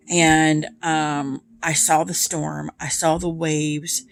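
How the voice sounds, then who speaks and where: A woman's voice: low-pitched, flat delivery, takes it slowly, gravelly. A woman tarot reader chatting casually to her viewers, full of ums and asides. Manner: chatty, many ums, speaks of feelings. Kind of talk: casual chat to camera.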